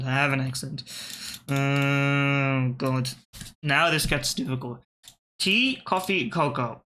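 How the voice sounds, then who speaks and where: A man's voice: mid-range voice, takes it slowly, pushed and bright. A man, thinking aloud and swearing casually as he gives let's-play commentary on word puzzles. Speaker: gaming channel host.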